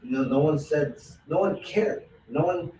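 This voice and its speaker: Male interview host, chatty storyteller, slightly higher voice, echoey room with faint hiss. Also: animated, normal speed, dark tone. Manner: storytelling, acts out quoted lines. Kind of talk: casual interview chat. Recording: roomy echo, distant mic, faint noise.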